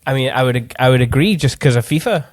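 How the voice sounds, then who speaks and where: A man's voice: medium pitch, lively intonation, quick pace. A man hosting a podcast interview, chatty and a little bumbling as he introduces the guest. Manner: bumbling, chatty, self-deprecating. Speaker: podcast host. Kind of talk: casual interview chat.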